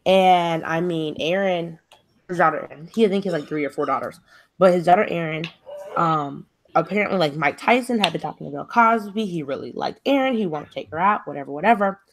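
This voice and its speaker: A woman's voice: lowish voice, a little fast. A young woman co-hosting a casual talk show, retelling a story in a chatty way with lots of fillers. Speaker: podcast co-host. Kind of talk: casual chat.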